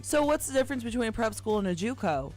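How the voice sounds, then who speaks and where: A woman's voice: a little high, sing-song, quick pace, a little mellow, soft background music, low-quality recording. A woman co-hosting a morning radio show, chatting casually and telling teasing stories. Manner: playful, teasing storyteller. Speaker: radio co-host.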